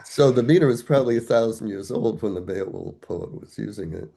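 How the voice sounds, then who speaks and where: A man's voice: fairly low pitch, a little fast, creaky, dark tone, breathy edge. An older man, a guest scholar, explaining ideas step by step in a thoughtful, conversational academic way, asking himself rhetorical questions.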